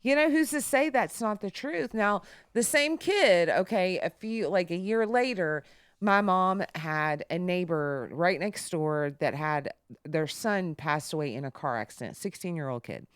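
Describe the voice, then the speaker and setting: A middle-aged woman co-hosting a podcast, telling stories in a casual, animated way and jumping up high when she quotes others. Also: a little slow, clean tone, dry recording, clean studio sound. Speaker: podcast co-host. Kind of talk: casual storytelling chat.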